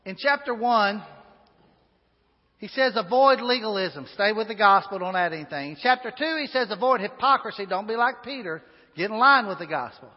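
Man preaching, high voice, folksy asides, dull recording with long church reverb. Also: animated, moderate pace. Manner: folksy, chatty with asides and filler. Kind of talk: sermon. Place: church sanctuary.

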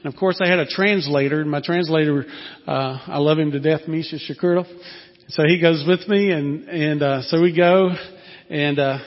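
Southern guy in his 60s telling a story in church, kinda high voice, lots of uhs, dull echoey hall. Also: fairly even intonation, moderate pace. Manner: folksy, rambling with many fillers. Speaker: former missionary telling a story. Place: church sanctuary.

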